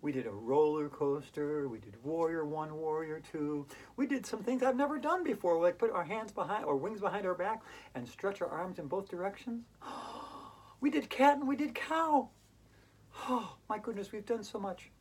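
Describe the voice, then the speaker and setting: A woman's voice: fairly low pitch, expressive, normal speed, a little mellow, breathy edge, poor audio. A woman leading a playful hula hoop yoga class for kids, talking in a silly, enthusiastic, sing-song way. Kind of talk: playful instructional talk for kids.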